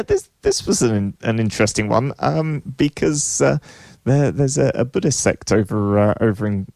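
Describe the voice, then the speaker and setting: A man co-hosting a casual tech news podcast, talking in a halting, wry way as he thinks aloud. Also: fairly low pitch, creaky, darkish tone, no echo. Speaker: podcast co-host.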